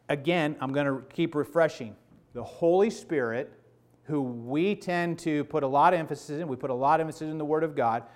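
A man in his fifties preaching a sermon to his congregation, conversational and emphatic, checking in with "okay?" and "right?" asides. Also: a little high. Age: 50s. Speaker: pastor.

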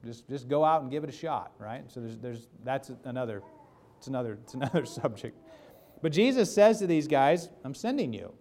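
A man's voice: medium pitch, lively intonation, a little fast, darkish tone. A man preaching a casual sermon, joking and putting questions to the congregation. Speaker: pastor. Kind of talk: conversational sermon.

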